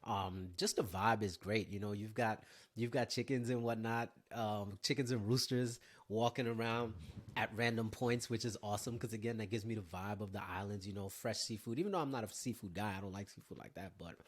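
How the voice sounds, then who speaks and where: A man from Haiti hosting his own podcast, telling casual stories in an animated way, swearing and laughing freely. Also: on the low side, fairly quick. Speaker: podcast host. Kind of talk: casual solo podcast storytelling.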